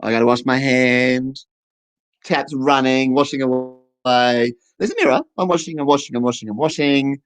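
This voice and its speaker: This mid-range, normal-speed voice belongs to a stand-up performer with an Australian accent who voices a deaf comedian's set on an online festival stage. The comic story pokes fun at the teller, with voices acted out, and the audio quality is low.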